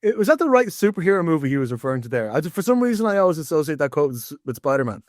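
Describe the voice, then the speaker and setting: A man's voice: a little high, sing-song, very fast, darkish tone, no echo, studio quality. An Irish man hosting a sports podcast, chatting casually and jumping animatedly between points. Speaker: podcast host.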